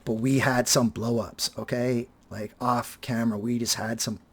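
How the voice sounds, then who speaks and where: A man in his fifties talking casually and reflectively to his viewers, halting often and repeating words as he restarts his sentences. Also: medium pitch, flat delivery, vocal fry. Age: 50s. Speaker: vlogger and teacher.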